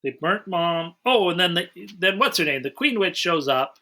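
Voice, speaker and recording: Brief: male podcast host, bright tone, loose rambling recaps. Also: high voice, expressive, normal speed. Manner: rambling recaps, acts out scenes. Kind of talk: casual movie review chat.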